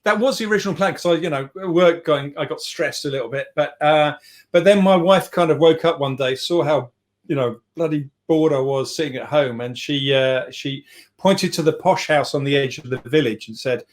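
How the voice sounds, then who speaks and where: A man's voice: fairly high pitch, normal speed. A middle-aged man talking as a podcast guest over a remote call, rambling and self-deprecating with lots of restarts. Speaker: podcast guest, software CEO. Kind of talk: casual podcast chat.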